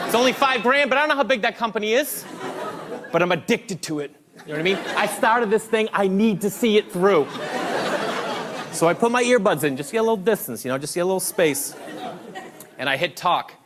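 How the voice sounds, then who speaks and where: Brief: high-pitched, animated male comedian telling a story onstage, crowd and noise in the live mix. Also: a little fast. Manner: animated, acts out dialogue, laughs through lines. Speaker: stand-up comedian. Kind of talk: stand-up storytelling.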